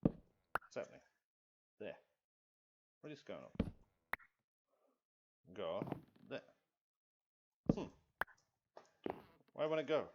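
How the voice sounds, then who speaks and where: A man's voice: medium pitch, sing-song, extremely slow, vocal fry, pauses often. Rambling man narrating his building game. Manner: rambling, self-talking, apologetic. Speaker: streamer. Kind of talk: live gameplay commentary. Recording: dull lo-fi stream audio with loud noise.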